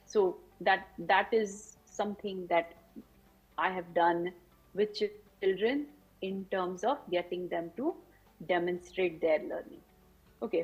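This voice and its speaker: Husky-voiced woman presenting to teachers. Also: mid-range voice, low-quality recording. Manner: explains her teaching strategies step by step. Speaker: teacher presenting at an education conference. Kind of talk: conference presentation.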